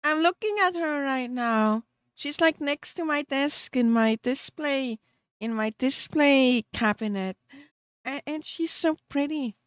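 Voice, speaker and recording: A high-pitched woman streaming as a VTuber, talking to her chat at an unhurried pace. She is giggly and openly emotional, laughing often between sentences. Her voice sounds close and dry, with no room echo. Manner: self-deprecating rambling with small restarts. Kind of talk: casual chat with stream viewers.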